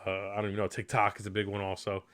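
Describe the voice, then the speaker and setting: A man's voice: fairly low pitch, completely flat delivery, racing, fairly bright tone. A man hosting a casual live podcast, chatty and enthusiastic, rambling with fillers. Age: adult. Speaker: podcast host.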